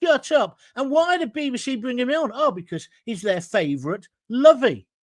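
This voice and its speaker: A man's voice: very high voice, expressive, normal speed, no room sound. A middle-aged man hosting a talk show, giving blunt, combative opinions and reading out viewer comments.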